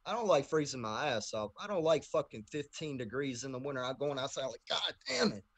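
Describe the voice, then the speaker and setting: A young man from Tennessee, a guest in a casual interview, telling a story in a profane, animated way with heated outbursts. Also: mid-range voice, fairly quick. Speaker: guest rapper.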